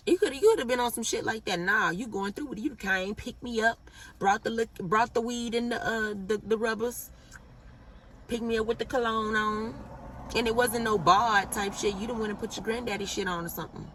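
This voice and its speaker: A young woman with a bright, forceful voice tells a storytime straight to the camera, blunt, profane and animated. She sits a little back from the mic, so her voice sounds slightly distant. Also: on the high side, a little fast. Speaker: vlogger. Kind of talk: casual storytime.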